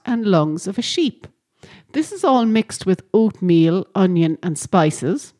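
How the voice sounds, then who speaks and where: A woman's voice: medium pitch, a little mellow. A woman hosting a podcast, reading scripted narration in a friendly way and often asking listeners questions. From Ireland. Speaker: podcast host.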